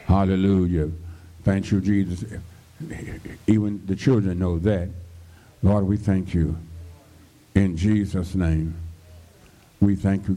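A man's voice: low-pitched, warm tone. A male pastor preaching a radio sermon, exhorting the congregation with frequent hallelujahs and call-and-response.

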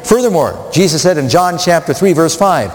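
A man preaches a sermon with a fairly high voice that swings widely in pitch as he builds each point. He poses rhetorical questions to a studio audience and drives home his emphasis. His voice rings with a long reverb, as if filling a large hall. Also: animated, moderate pace. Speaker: pastor.

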